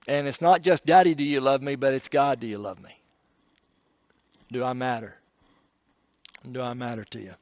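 A man preaching a sermon, telling an emotional story and shifting between hushed passages and loud, pleading ones. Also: mid-range voice, steady tone, normal speed, pauses often, no room sound.

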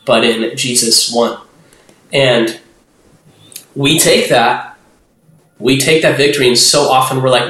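A young man with a medium-pitched, slightly bright voice talks at a measured pace with fairly even intonation, pausing often. Guesting on a podcast, he rambles in casual interview talk, leans on "like," restarts sentences, and acts out voices. There's a noticeable roomy echo on the recording.

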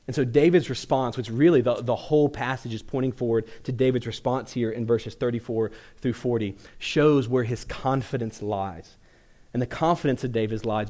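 A man with a mid-range voice preaches a sermon. He tells the Bible story in a lively way, acting out each character in casual modern speech. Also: mid-range voice. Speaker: pastor.

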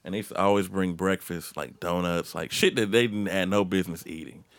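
A man's voice: low-pitched, steady tone, brisk, no echo. A man in casual chat, telling profane stories from his old job. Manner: crude, profane storytelling.

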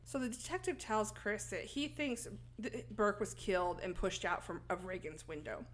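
On a casual podcast, a woman co-host recaps a film's plot, laughing often and acting out lines as she retells it. Her voice sits at medium pitch and moves at a normal speed, with slight background noise.

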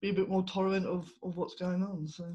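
A woman who co-hosts a podcast, speaking as a guest in a lively, laughing way. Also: fairly low pitch, fast talker, lo-fi sound. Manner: animated, laughs often. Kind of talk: casual interview chat.

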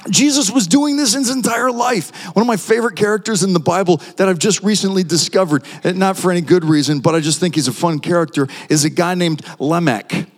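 An impassioned man delivers a sermon, his voice sitting a little high and swinging up and down as he drives home each point. A long reverb trails behind every phrase, the sound of a big hall. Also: brisk, few pauses. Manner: impassioned, with sweeping pitch swings. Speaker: guest preacher.

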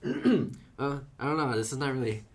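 A man's voice: medium pitch, sing-song, moderate pace. A man hosting a casual podcast interview, giggling often and stumbling over his reading and questions. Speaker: podcast host.

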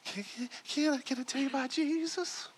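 A man voicing a nervous person who stammers and squeaks while trying to speak up. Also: normal speed, slight background noise. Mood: timid.

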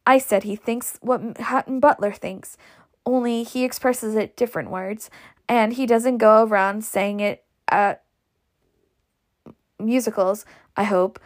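A woman voicing a gentle, earnest young Southern lady who stumbles over her words. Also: on the high side, steady tone, measured pace, natural voice.

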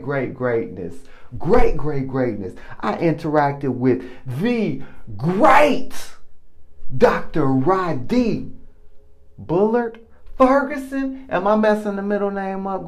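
A man's voice: fairly high pitch, big pitch swings, takes it slowly. A man giving a casual testimony monologue into his own recording mic, effusive and exclamatory, repeating himself often. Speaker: podcast host.

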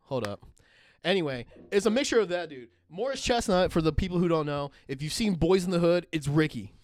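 A man's voice: on the high side, brisk, no room sound, clean studio sound. A man co-hosting a podcast, telling a story in casual chat, swearing freely and laughing often. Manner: profane, animated, laughs often. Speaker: podcast co-host.

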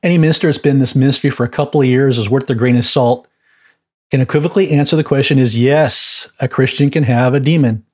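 A man's voice: medium pitch, quick pace, a little mellow. A man teaching a Bible class in a chatty, informal way, laughing at his own stories and adding many asides.

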